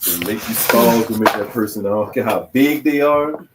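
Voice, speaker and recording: A man in casual group chat, loose and joking with quick asides. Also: lowish voice, very noisy.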